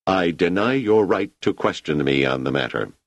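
A man's voice: low voice, lively intonation, normal speed, no echo. A man voicing a cold, defiant agitator. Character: hostile young male agitator.

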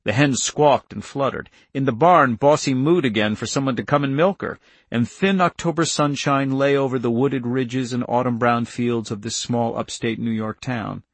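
A man reading a novel aloud in a measured, tense storytelling voice. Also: medium pitch, no echo. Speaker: narrator. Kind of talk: audiobook narration.

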